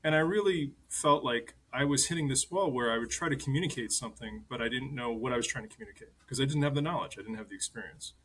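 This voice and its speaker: Bright-voiced chef in his fifties. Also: mid-range voice, quick pace, hardly any pauses, slightly rough, low-quality recording. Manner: animated anecdotes, chuckles while telling stories. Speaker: guest chef. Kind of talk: conversational interview storytelling.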